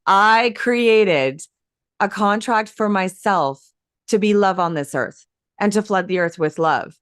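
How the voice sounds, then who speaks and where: A woman guest telling her story in an interview, lively and emphatic, acting out quoted dialogue as she goes. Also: mid-range voice, slow, smooth, no room sound, clean studio sound. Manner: animated, acts out quoted dialogue; emphatic and enthusiastic. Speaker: hypnosis coach and guest.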